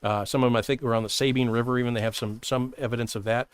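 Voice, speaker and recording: Fast-talking man, dry close mic. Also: medium pitch, fairly even intonation, clean tone, no room sound. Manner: fast, conversational, with chuckles and many "right?" asides. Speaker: history show host. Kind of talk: casual live-stream history talk.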